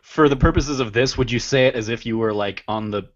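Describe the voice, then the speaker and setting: A man's voice: mid-range voice, a little fast. A man guesting on a casual podcast, playful and teasing. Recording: dull lo-fi remote audio.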